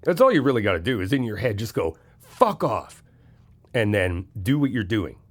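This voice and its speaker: Male best friend for a comfort audio, animated and frank, casual swearing, reassuring. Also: fairly low pitch, fast talker. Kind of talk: comfort audio role-play.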